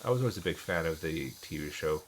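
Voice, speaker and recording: A man's voice: extremely low pitch, animated, fast talker, a little hiss or hum, low-quality recording. A man streaming a game and chatting casually with viewers, rambling with many restarts. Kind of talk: casual chat while gaming.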